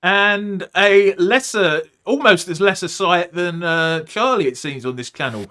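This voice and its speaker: Chatty guy hosting a live podcast, bright crisp voice, lots of uhs. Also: high-pitched, moderate pace, hardly any pauses. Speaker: podcast host. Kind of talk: casual podcast chat.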